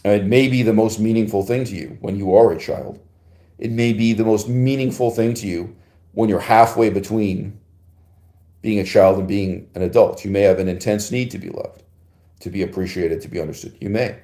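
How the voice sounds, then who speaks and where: A man with a low, mellow voice delivers a rambling philosophical monologue as a podcast host, answering a listener's email. He punctuates his points with laughs and a rhetorical "right?", and his voice rings in an echoey room. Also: normal speed. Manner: digressive and emphatic, with frequent laughs and rhetorical "right?".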